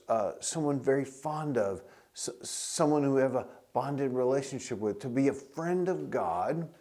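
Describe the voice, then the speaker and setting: A pastor preaching a sermon, telling stories in a loose conversational way with restarts, and getting loud when he reads scripture. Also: medium pitch.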